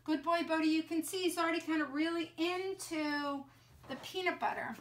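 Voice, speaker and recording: A middle-aged woman dog trainer demonstrating how to clean a dog at an indoor sink, talking in a calm, soothing way. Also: very high voice, normal speed.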